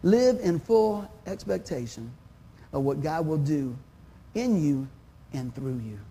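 A man's voice: fairly high pitch, expressive, slow pace, vocal fry, mellow, slightly rough. A man, preaching a sermon in a folksy, conversational way. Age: 50s. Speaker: pastor.

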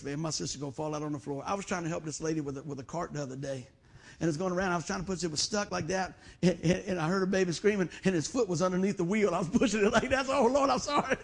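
A middle-aged man preaching a sermon as pastor, in a folksy, animated storytelling way. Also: high-pitched, vocal fry.

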